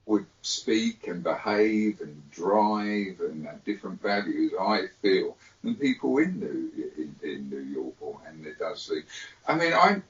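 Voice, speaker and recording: Deep-voiced London man, laughing raconteur. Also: big pitch swings, measured pace. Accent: London English. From England. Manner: chatty, laughs often, playful asides. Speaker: guest. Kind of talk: casual conversation. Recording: distant roomy dull remote audio.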